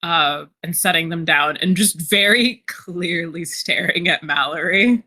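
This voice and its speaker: A woman's voice: on the low side, a little slow, pushed and bright. A woman playing a tabletop game, talking earnestly in character and explaining herself at length. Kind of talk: in-character role-play chat.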